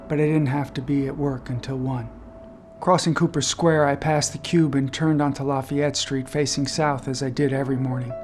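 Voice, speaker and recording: A man reading aloud a personal essay he wrote, recounting it in a measured, subdued first-person voice. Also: mid-range voice, darkish tone. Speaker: essay author reading his own memoir.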